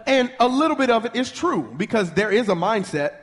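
A man preaching a sermon with fervent energy, leading the congregation in call-and-response and speaking in rapid bursts with restarts. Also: extremely high pitch, sing-song, in a large hall.

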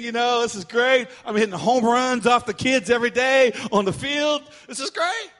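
A man preaching through a personal story, animated and acting out the voices of the people in it. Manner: animated, acts out quotes with big swings of pitch and volume. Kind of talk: sermon storytelling. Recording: long hall reverb.

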